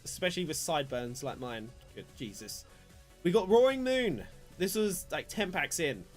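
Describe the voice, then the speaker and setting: Casual young male streamer, slightly high voice, rambling and self-mocking, light music bed behind. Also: very animated, moderate pace. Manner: rambling, chatty, self-deprecating, talks to chat. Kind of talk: casual live-stream card opening commentary. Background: faint background music.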